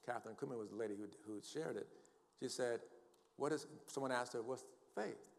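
A man's voice: medium pitch, fairly quick, vocal fry. An older man preaching a sermon in a church, quoting scripture emphatically and calling for responses from the congregation. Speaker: pastor. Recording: long hall reverb.

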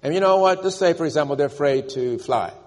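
In a church with long reverb, a man preaches a sermon emphatically, calling on the congregation to repeat after him. His voice is on the high side and darkish in tone, and he speaks quickly.

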